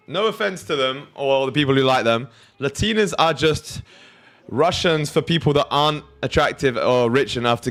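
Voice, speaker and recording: Young male streamer, casual and crude, mid-pitched, answering chat over soft background music. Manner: loose, crude, reads chat aloud. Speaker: livestream trading host.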